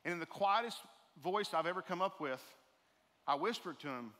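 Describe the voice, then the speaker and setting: A man's voice: a little high, moderate pace, bright, forceful tone. A man giving an earnest sermon as a guest speaker in a church, building to emphatic preaching. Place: church sanctuary. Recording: reverberant hall.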